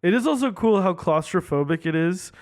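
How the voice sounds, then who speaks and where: Rambling, smooth-voiced man. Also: high-pitched, animated, a little fast, dry recording, studio quality. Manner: rambling, many "like" fillers, jokey. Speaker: podcast co-host. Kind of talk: casual chat.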